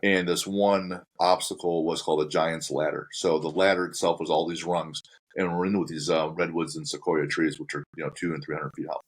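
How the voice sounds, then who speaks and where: A man's voice: rumbling low, level tone, fairly quick. A man hosting a podcast, telling a story step by step in a casual chat and acting out his own reactions along the way. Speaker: podcast host.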